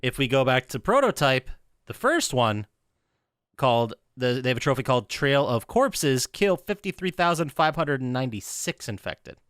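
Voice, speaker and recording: A man's voice: mid-range voice, very animated, normal speed, fairly bright tone, no echo. A man co-hosting a podcast, casual and wry, dropping game trivia. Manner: dry, wry asides. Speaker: podcast co-host. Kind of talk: casual chat.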